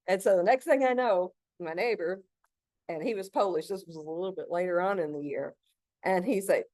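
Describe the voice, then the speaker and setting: A woman's voice: fairly low pitch, moderate pace, darkish tone, no room sound. Chatty woman telling garden stories. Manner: chatty, laughs often, many fillers. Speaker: gardening instructor. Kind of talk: casual gardening talk with stories.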